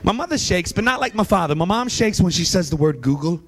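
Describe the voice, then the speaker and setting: A man doing stand-up comedy at a church, animated and quick to slip into impressions of his family. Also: high-pitched. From US East Coast. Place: church hall.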